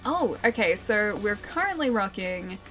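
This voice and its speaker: A woman's voice: mid-range voice, big pitch swings, measured pace, fairly bright tone, soft background music. A young Australian woman chatting casually while streaming a game, reading chat aloud and laughing often. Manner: chatty, giggly, reads chat aloud and answers.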